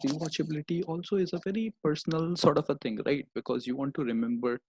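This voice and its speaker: Gravelly man rambling about comedy. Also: a little high, steady tone, fast talker, a little mellow, no room sound, rough recording. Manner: discursive, tags sentences with "right?" and "you know". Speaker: podcast guest. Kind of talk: casual chat.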